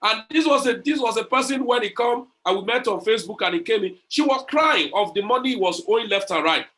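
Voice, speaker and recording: Man, slightly high and forceful, preachy motivational speaker who repeats himself. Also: expressive, brisk. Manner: preachy, repeats phrases, retells conversations. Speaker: crypto community leader. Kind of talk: motivational online talk.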